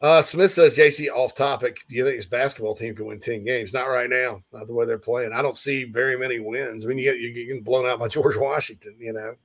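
A man's voice: medium pitch, steady tone, a little fast, few pauses, a bit bright. Man hosting a sports talk show. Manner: conversational, reads listener questions aloud.

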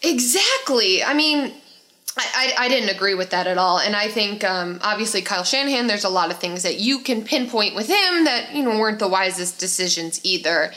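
A woman co-hosting a casual sports podcast, opinionated and quick with banter. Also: mid-range voice, expressive, pushed and bright. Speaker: podcast co-host.

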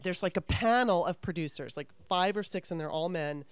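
A woman's voice: on the low side, fairly quick, clear, resonant tone, dry recording. A middle-aged woman, a former actress, candidly telling stories from her career in a frank, self-deprecating way, swearing freely. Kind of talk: candid conversational storytelling.

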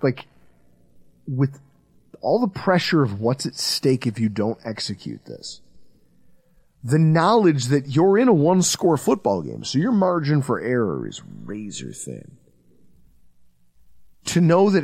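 A man hosting a sports podcast, telling stories in a lively, swearing, casual way. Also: a little slow, vocal fry, long pauses, slightly rough, no room sound. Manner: animated, storytelling, swings between low intensity and loud outbursts. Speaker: podcast host.

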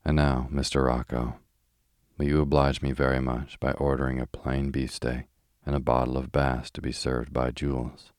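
A man reading the lines of a brisk, decisive American millionaire, curt and matter-of-fact, in a calm audiobook style. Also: very deep voice, dry recording, studio quality.

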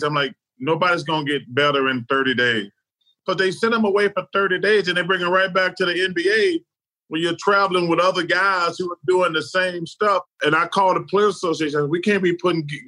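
A man's voice: a little high, sharp tone, rough recording. A middle-aged man co-hosting a talk show, speaking earnestly and emotionally and drawing out his words. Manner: earnest, choked up, drawn out. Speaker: co-host.

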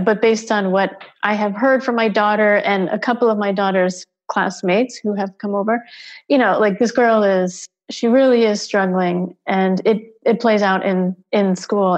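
A woman's voice: medium pitch, lo-fi sound. A middle-aged woman, a mother of two, telling a candid personal story in rambling, hesitant bursts and acting out the dialogue she remembers. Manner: rambling, acts out quoted dialogue, hesitant restarts.

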